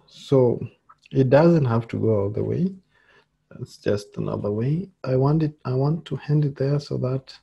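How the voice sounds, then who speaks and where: A male lecturer walks through a screen-share coding tutorial at a slow, halting pace, with lots of fillers. His voice is gravelly and husky, with a dark, mellow tone. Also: mid-range voice, highs cut off.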